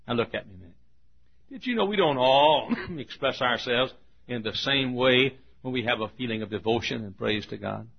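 Folksy male preacher, gravelly and husky, joking sermon, dull lo-fi recording. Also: mid-range voice, lively intonation, moderate pace. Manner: folksy, humorous, self-mocking storytelling.

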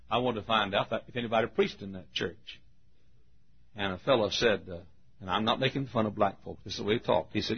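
An older man with a Southern US accent, preaching in a folksy, animated storytelling style. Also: medium pitch, fast talker, slightly rough. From Southern United States. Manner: folksy, animated, hollers and laughs. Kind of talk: storytelling sermon. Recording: dull lo-fi recording.

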